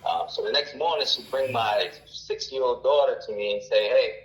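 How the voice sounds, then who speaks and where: A man around forty, a caller telling a long personal story in a halting, rambling way with many fillers. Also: mid-range voice, roomy sound, rough recording. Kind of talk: casual storytelling.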